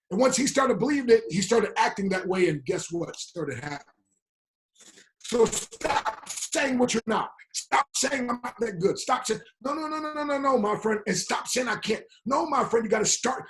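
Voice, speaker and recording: A man giving a fiery motivational talk in a preaching style, quoting scripture and repeating lines with emphasis. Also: high voice. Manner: emphatic, repetitive, quotes scripture, frequent "my friend". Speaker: motivational speaker.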